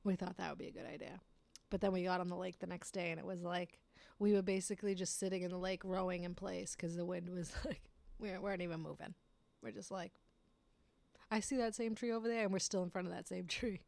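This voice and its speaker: A woman's voice: fairly low pitch, level tone, quick pace, creaky, a little mellow, no room sound. A woman telling a rambling personal story in a casual way, swearing often and laughing at herself.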